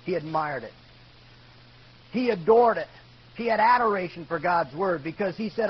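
A male pastor preaching emphatically, calling out "amen" to the congregation and swinging from loud to hushed. The recording is dull and lo-fi, with a faint hum. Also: high-pitched, lively intonation, normal speed, husky. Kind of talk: sermon.

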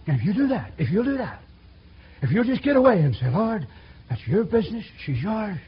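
Preacher guy, husky high voice that swings all over, folksy storytelling, dull lo-fi sound. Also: brisk. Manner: folksy, animated, acts out quotes with sudden loud outbursts. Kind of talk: sermon with storytelling. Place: church. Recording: dull lo-fi recording.

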